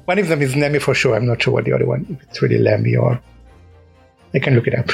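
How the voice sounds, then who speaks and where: A man co-hosting a podcast with a gravelly, slightly husky voice. He explains things patiently but hesitantly, pausing on "uh" and "um". Faint music sits low in the background. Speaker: podcast co-host. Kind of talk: casual chat.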